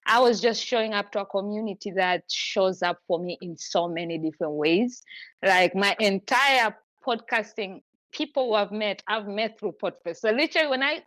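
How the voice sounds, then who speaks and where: A woman's voice: mid-range voice, a bit bright, no room sound, poor audio. A woman hosting a podcast, chatting effusively in long run-on stretches. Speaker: podcast host. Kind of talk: casual chat.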